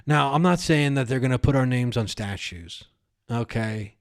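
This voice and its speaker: With a smooth, medium-pitched voice at a moderate pace, a man hosts a podcast built on rambling, improvised comedy. He keeps dissolving into giggles and chatting with imaginary characters.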